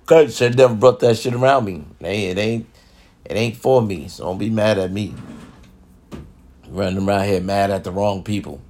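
Man with a low voice, ranting at camera; preachy, repetitive, swears constantly. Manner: repetitive, preachy and heavy with cursing. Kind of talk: profane comedic rant to camera.

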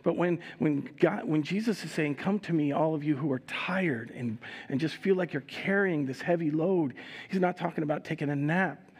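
A man with a slightly higher-than-average voice preaches a communion sermon during a live church service. He reads scripture with expression and moves easily into relaxed, chatty asides for the congregation. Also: moderate pace, breathy edge. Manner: reads scripture expressively, raising voice for quoted speakers. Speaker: pastor.

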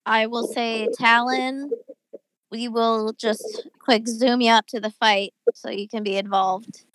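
A woman's voice: a little high, flat delivery, slow pace, a bit bright, clean tone, no echo, rough recording. A woman running a tabletop game as game master, chatty and full of small hesitations.

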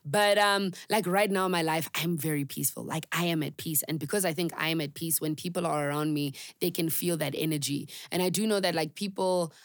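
A woman's voice: sits low, fairly quick, hardly any pauses, no echo, clean studio sound. A young woman hosting a podcast, talking candidly and earnestly in a reflective monologue full of fillers and emphatic repeats. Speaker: podcast host.

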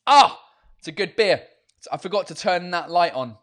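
High-voiced man rambling casually at home. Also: lively intonation, normal speed, a bit bright. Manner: rambling, loose and profane. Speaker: host of a live beer-drinking chat show. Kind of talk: casual live-stream chat.

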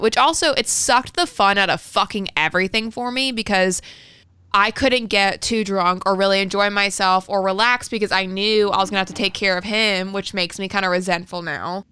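A woman's voice: mid-range voice, fairly even intonation, normal speed, sharp tone, clean tone, dry recording. A woman in her thirties co-hosting a podcast, telling a personal story candidly and swearing freely. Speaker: podcast co-host. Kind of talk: casual conversational storytelling.

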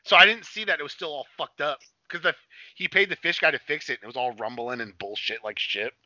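A man's voice: a little high, fast, no echo, lo-fi sound. A man co-hosting a podcast in loose, casual chat, swearing freely and telling stories with lots of energy. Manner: loose, swearing, animated storytelling. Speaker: podcast co-host.

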